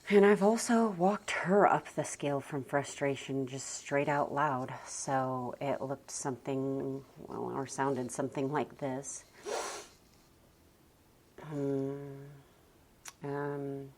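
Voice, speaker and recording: A young adult woman talking gently and slowly about calm parenting, often dropping almost to a whisper. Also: extremely low pitch. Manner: soft, slow and gentle, often near a whisper. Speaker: parenting vlogger. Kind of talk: calm reflective talk to camera.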